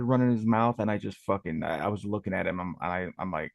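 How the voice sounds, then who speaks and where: Low-voiced guy calling in, swears nonstop, rambly, dry close sound. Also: steady tone, a little fast, creaky, hardly any pauses, a little mellow, no echo. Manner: profane, rambling storytelling. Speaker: caller. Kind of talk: casual call-in chat.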